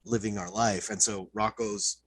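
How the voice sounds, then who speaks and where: A man co-hosting a podcast, excitedly retelling cartoon episodes in casual chat, full of fillers and swearing. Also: on the low side, moderate pace, slightly rough, rough recording. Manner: excited, profane storytelling, many "like" fillers. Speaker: podcast co-host.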